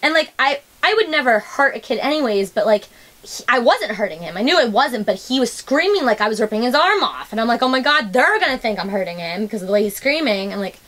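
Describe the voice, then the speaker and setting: A woman's voice: fairly high pitch, very animated, fast, fairly bright tone. A young adult woman hosting a casual podcast, telling stories animatedly and swearing freely. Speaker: podcast host. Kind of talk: casual chat, storytelling.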